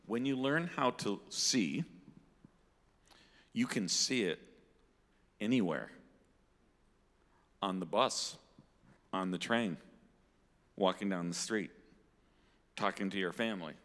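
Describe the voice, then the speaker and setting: A man with a lowish voice teaches in a casual conversation, his pitch rising and falling a great deal. He points things out to those listening. A long hall reverb hangs on his words. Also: lively intonation, takes it slowly, pauses often, fairly bright tone. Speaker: ministry teacher.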